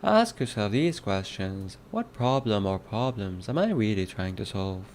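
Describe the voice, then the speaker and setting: A man's voice: lowish voice, very animated, a little slow, a little mellow, slight background noise. A man reading design prompts aloud in a put-on Irish accent, in a playful, sing-song way.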